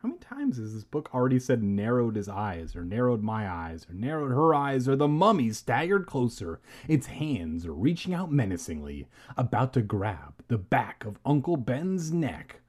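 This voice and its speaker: A man's voice: medium pitch, big pitch swings, normal speed, few pauses, darkish tone. Irreverent man reading a storybook aloud. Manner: irreverent, profane, laughs often. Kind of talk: reading a book aloud with joking asides.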